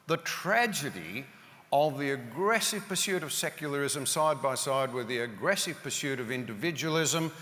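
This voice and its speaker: Older Australian male panelist; earnest storyteller, bright, hall reverb. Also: mid-range voice. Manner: earnest, builds to emphatic points. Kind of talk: storytelling speech to an audience. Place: large hall with audience.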